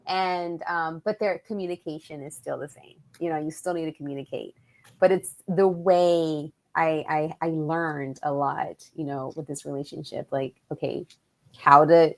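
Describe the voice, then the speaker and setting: A woman guest on a chat show, an animated storyteller who acts out quoted voices and mixes Spanish words into her English. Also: on the low side. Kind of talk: casual chat.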